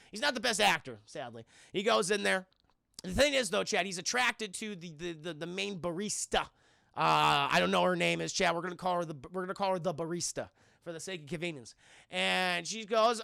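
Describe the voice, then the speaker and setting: A young man recapping a movie to his stream chat, animated and profane, acting out the characters' lines as he goes. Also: high-pitched, fairly quick, vocal fry, no echo, studio quality. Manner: animated, swears a lot, mimics characters, addresses chat constantly. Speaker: film reviewer streaming to chat.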